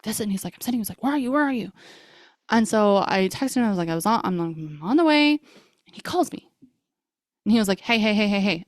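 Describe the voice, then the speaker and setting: A woman's voice: medium pitch, a little mellow, no room sound, studio quality. A young woman hosting a podcast, telling a personal story in a chatty way, full of fillers and quoted dialogue. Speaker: podcast host.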